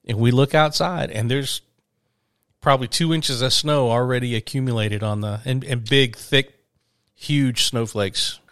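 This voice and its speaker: A man's voice: medium pitch, unhurried, a bit bright, no room sound, studio quality. A man telling travel stories in a casual podcast chat, rambling with lots of restarts and fillers. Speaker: podcast host, touring musician.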